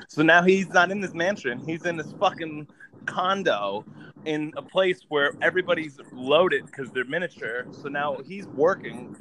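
A man's voice: a little high, sharp tone, a little hiss or hum, rough recording. Profane man rambling through a movie plot. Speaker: podcast co-host. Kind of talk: casual movie recap.

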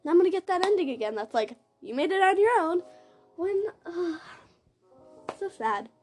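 A woman giving live commentary on her own game play, excitable and gasping as she reacts. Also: extremely high pitch, moderate pace, faint music behind. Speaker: gamer narrating her play.

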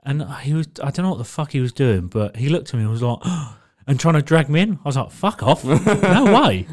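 A man's voice: mid-range voice, expressive, fast talker, darkish tone. A man co-hosting a podcast, telling a rambling, sweary story and laughing through it. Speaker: podcast co-host. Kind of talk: casual storytelling chat.

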